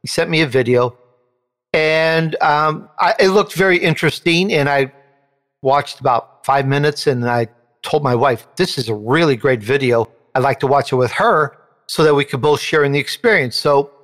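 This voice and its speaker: During an interview, a male show host recounts a story from his own life with lots of animation. When quoting someone, his pitch shoots up, and a long reverb tail follows his words.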